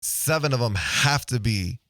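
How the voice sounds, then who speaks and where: Recorded dry at studio quality on a close studio mic, a male podcast host chats casually in a mid-range, fairly bright voice with lively intonation at a measured pace. He talks loosely, often checking with "right?" and dropping the occasional swear word.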